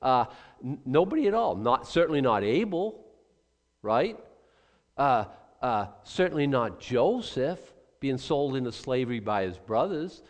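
A man's voice: mid-range voice, very animated, unhurried. An older man preaching a sermon, emphatic, acting out quoted voices and restarting his sentences often. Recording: long reverb of a large hall.

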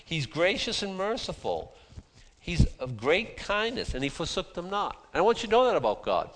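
A male pastor delivering a sermon in a loose, chatty way. He jokes at his own expense and often stops to restart his sentences. His voice sits a bit high for a man. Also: sing-song, normal speed, fairly bright tone. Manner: conversational, self-deprecating, frequent restarts.

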